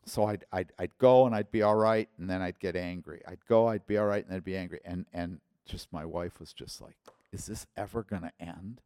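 A man preaching a personal testimony, his voice swelling loud when he quotes others. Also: low-pitched, steady tone, brisk, clear, resonant tone, no echo, clean studio sound. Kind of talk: sermon testimony.

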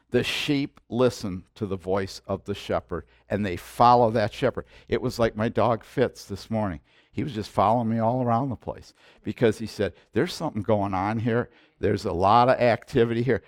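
An older man preaching a sermon in a conversational storytelling way, moving between soft asides and loud preaching. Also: fairly low pitch, normal speed, dry recording, clean studio sound. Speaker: pastor.

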